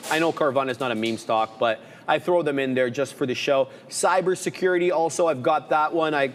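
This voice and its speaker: Laid-back male trader, reverberant room. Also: on the high side. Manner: relaxed, rambling lists with filler words. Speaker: trader and co-host. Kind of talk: casual live market chat.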